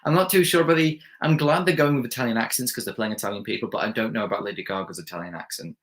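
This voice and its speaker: Low-voiced man chatting on a live stream. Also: very fast, fairly bright tone. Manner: rambling, reads viewer comments aloud, frequent fillers and restarts. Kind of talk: casual live stream chat.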